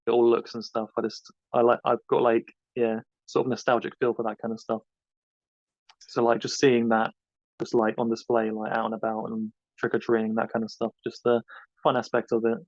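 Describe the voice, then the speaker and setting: Flat-voiced man, dull dry recording. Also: medium pitch, no room sound. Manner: rambling, loose and hesitant. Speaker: podcast co-host being interviewed. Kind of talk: casual interview answers.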